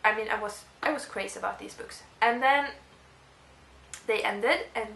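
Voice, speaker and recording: A woman's voice: medium pitch, moderate pace, creaky, a little hiss or hum. Gushing young woman in a roomy echo. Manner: gushing, excitable, rambling with restarts. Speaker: book vlogger. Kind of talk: casual monologue to camera.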